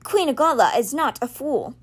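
A wary young woman fighter who distrusts an easy win, speaking with careful caution in a storybook, voiced by a woman reading in her own voice. The voice is high and clear. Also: animated, moderate pace.

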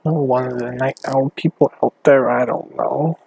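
A man hosting a casual late-night solo podcast, rambling and halting as he thinks aloud while clicking around on his computer. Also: mid-range voice, steady tone, gravelly, darkish tone, breathy edge, low-quality recording. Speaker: podcast host.

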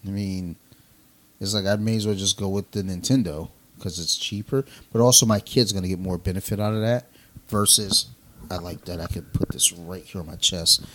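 A man's voice: sits low, normal speed, a bit bright, slight background noise. A man co-hosting a casual podcast, telling a profane, laugh-filled story with slang. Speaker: podcast co-host.

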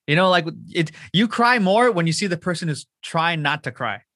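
A man's voice: on the high side, lively intonation, moderate pace, pushed and bright, no echo, studio quality. A man hosting a casual chat, slangy and swearing freely, from Southern California. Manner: swears a lot, slangy and loose. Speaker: podcast host. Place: home.

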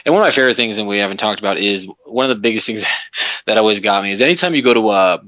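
A man with a low voice holds forth as a podcast host, swearing freely and circling back on himself as he rants. The recording is dull and lo-fi, with a dry, close sound and no room around him. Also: animated, racing, pushed and bright, dry recording. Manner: profane, emphatic ranting with frequent restarts. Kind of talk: casual podcast rant.

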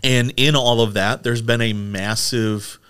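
On a studio microphone, a man co-hosts a casual tech podcast, chatty and rambling with plenty of fillers. His voice is medium-pitched, fairly even in intonation and measured in pace, with a clear, resonant, slightly bright tone.

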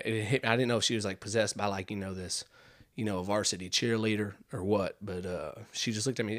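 A man hosting a podcast, telling a comedic story in a rambling, animated way and calling the listener "dude". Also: lowish voice, brisk. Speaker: podcast host.

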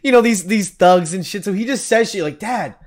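A man's voice: high-pitched, brisk. A young man co-hosting a podcast, chatting playfully and laughing often. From Canada. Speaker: podcast co-host. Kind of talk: casual chat.

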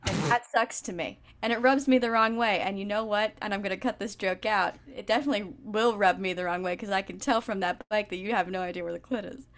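A woman's voice: mid-range voice, fast talker, few pauses, fairly bright tone, a little hiss or hum. A young woman co-hosting a comedy podcast, joking casually, often laughing and trailing off mid-sentence. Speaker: podcast co-host.

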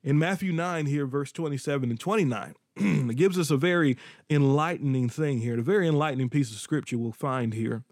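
A man's voice: on the high side, brisk, a little mellow, no echo, clean studio sound. A man preaching a podcast sermon, repeating phrases for emphasis and breaking into sudden whoops and exclamations.

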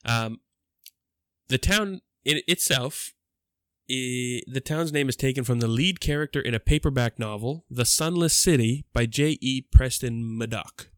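A man's voice: medium pitch, a little slow, a bit bright, clear, resonant tone, dry recording, clean studio sound. Jokey man reading out fun facts. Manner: jokey, laughs often, reads facts aloud with fillers. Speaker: podcast co-host. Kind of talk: casual chat.

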